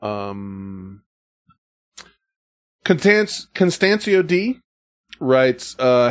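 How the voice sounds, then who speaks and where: Lively, playful male podcast host. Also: medium pitch, very slow, pauses often, no echo, studio quality. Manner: playful, laughs often, reads letters aloud. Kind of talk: casual chat, reading listener messages.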